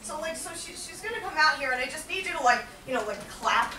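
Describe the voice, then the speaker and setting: A woman's voice: sits high, animated, fast. A woman performing a brash, crude young man who rambles with constant fillers and swearing, in a live stage monologue. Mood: flustered. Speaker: solo performer. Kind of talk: stand-up character monologue. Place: small theater with live audience. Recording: echoey room, mic far off, loud noise.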